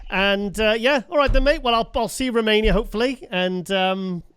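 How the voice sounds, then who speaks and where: A man hosts an interview in easy, friendly banter, swearing offhand now and then. His voice sits high and sounds smooth and resonant. The sound is close and dry. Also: brisk, fairly bright tone, dry recording. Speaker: podcast host. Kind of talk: casual interview chat.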